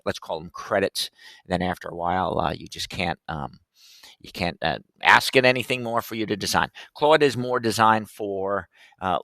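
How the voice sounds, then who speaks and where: A man's voice: deep voice, creaky, fairly bright tone, dry recording. A man hosting a teaching podcast, walking through a screen demo step by step in a chatty, loose way with plenty of fillers. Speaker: podcast host teaching classroom tech. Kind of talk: casual screen-share walkthrough.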